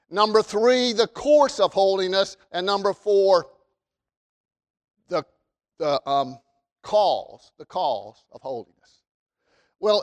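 A man preaching a sermon from the pulpit in an emphatic way, repeating phrases and rising to shouts. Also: high-pitched. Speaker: pastor. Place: church sanctuary. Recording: long reverb of a large hall.

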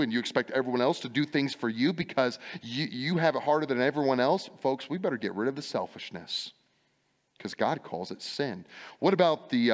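A male pastor preaching a sermon, firing rhetorical questions and repeating his refrains with emphasis. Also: medium pitch. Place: church sanctuary. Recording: long church reverb.

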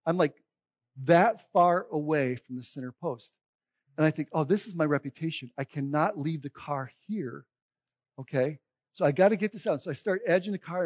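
A man with a fairly high voice preaches in an animated, meandering storytelling style. He circles back and restarts his lines, then jumps into loud, excited outbursts. The recording is close and dry, with a slightly muffled, dull tone. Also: no echo. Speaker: pastor. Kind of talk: humorous sermon storytelling.

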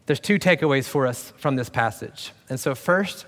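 A man's voice: medium pitch, expressive, moderate pace, fairly bright tone. A pastor giving a conversational sermon, joking and sarcastic now and then, as he speaks to his congregation in a church. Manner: conversational and self-deprecating, with sarcastic asides. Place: church sanctuary. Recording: long reverb of a large room.

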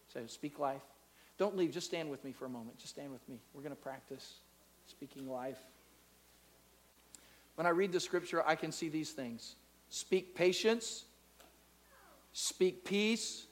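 Standing before a live congregation in church, this pastor has a fairly high voice as he delivers his sermon. His style alternates between booming, stretched-out phrases and quiet, intimate speech, and he draws the crowd into call-and-response.

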